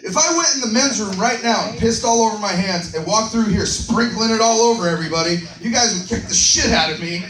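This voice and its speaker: A man with a Texan accent doing a stand-up comedy set, telling stories deadpan with sudden shouted bits. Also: high-pitched, a little fast. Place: comedy club stage. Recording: roomy club sound from far off, audience noise.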